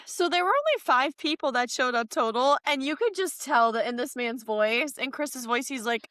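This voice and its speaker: A woman's voice: high-pitched, lively intonation, normal speed, fairly bright tone, no room sound, studio quality. A woman co-hosting a podcast in casual chat, retelling stories with wry, exasperated asides. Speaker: podcast co-host.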